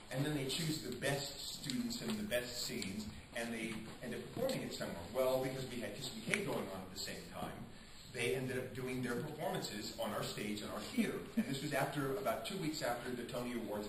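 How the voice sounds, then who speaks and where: A male stage actor answering interview questions with animated storytelling, acting out quotes and often restarting his sentences. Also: mid-range voice. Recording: echoey room, distant mic, noisy.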